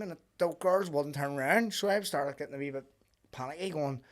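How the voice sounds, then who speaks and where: Belfast man, podcast host, rapid delivery, animated storytelling, swears a lot. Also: fairly high pitch. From Northern Ireland. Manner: animated storyteller, swears freely, acts out quoted voices. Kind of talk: casual chat.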